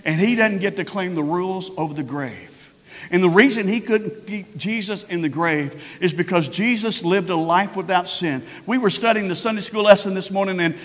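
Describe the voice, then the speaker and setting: A man preaching a fervent Sunday sermon as pastor, building to shouted, drawn-out emphasis. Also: sits high. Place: church sanctuary. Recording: long hall reverb.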